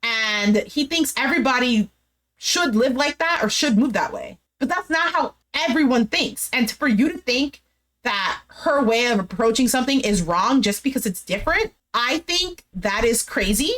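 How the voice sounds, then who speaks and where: A woman's voice: high voice, lively intonation, measured pace, fairly bright tone. A woman giving a casual, opinionated recap of a dating show, talking animatedly and filling her speech with "like". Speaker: recap host.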